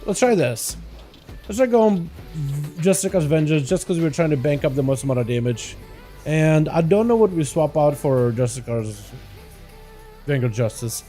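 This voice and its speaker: A man's voice: fairly high pitch, animated, moderate pace, dark tone, faint music behind. A man hosting a livestream, talking casually through his gameplay and greeting viewers by name. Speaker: livestream host. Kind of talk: casual live gameplay commentary.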